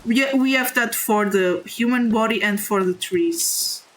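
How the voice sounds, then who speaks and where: A woman with a non-native English accent chatting candidly on a live stream while gaming, halting and apologetic. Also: mid-range voice, a bit bright, poor audio.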